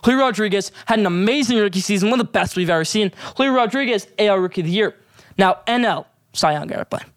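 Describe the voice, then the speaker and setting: A man with a notably high voice delivers opinionated sports commentary at a brisk clip. He hammers his picks home with emphatic hot takes. The sound is dry and close, with no room around it. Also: no room sound. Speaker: sports show host.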